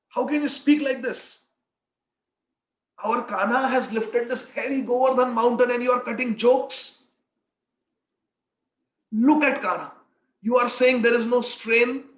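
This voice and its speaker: Man reading a fretful devoted mother, pleading and tender; roomy, dull recording. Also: sits high. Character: anxious loving mother praying for her son. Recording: echoey room, dull lo-fi sound.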